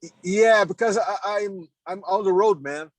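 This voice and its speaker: Halting man on a video call. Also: high voice, no echo. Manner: halting, repeats words, laughs often. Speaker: meeting participant. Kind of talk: casual video call chat. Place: in a car on the road.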